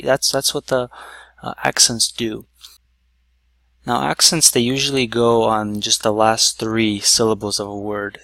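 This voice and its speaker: A man teaches a whiteboard lesson at an unhurried pace, pointing things out one step at a time. His voice is gravelly with a bright edge. The sound is dry and close. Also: lowish voice, dry recording. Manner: slow, stepwise explaining with many "so"s.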